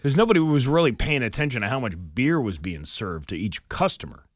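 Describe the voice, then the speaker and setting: A man's voice: mid-range voice, brisk, no room sound, studio quality. A man co-hosting a morning radio show, chatting casually and retelling movie scenes with gusto. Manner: animated storyteller, quotes movie lines with gusto. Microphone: studio microphone.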